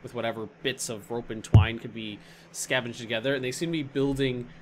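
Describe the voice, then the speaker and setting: A man's voice: medium pitch, fairly even intonation, a little fast, slight background noise. A man narrating a tabletop game as dungeon master, rambling and searching for words as he describes scenes.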